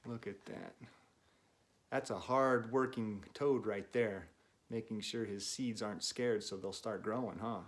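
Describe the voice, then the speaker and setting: A man reading a picture book aloud to children, with gentle chatty asides to young listeners. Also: lowish voice, measured pace. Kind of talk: read-aloud storytime for kids.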